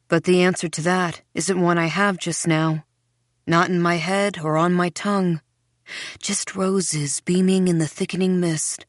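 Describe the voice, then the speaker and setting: A woman reading a first-person mystery audiobook in a dreamy, unhurried, faintly unsettling way. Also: lowish voice, fairly even intonation, dry recording, clean studio sound. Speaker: audiobook narrator.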